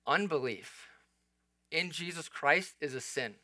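A man's voice: fairly high pitch, measured pace, pushed and bright, no echo. A man preaching an expository sermon, explaining the text in an earnest, conversational way with asides to the listeners. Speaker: pastor.

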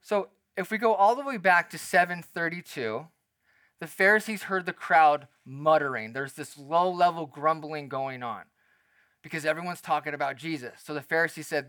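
A man preaching a sermon as a pastor, speaking in a conversational, animated way and acting out the quotes he tells. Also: a little high, normal speed, no room sound.

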